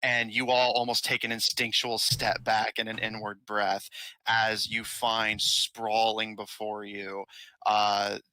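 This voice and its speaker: A man narrating as game master of a tabletop game, halting with many fillers. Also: fairly low pitch, level tone, sharp tone, no echo, low-quality recording.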